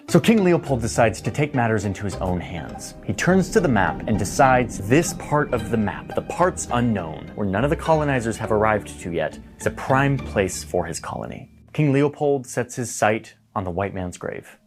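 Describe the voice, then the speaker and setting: A man's voice: on the low side, sing-song, moderate pace, few pauses. A man narrating a history explainer in a loose, conversational voice. His slangy delivery is full of filler "likes" and asides. A guitar music bed runs underneath. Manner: casual, slangy, uses "like" often. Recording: guitar music playing behind.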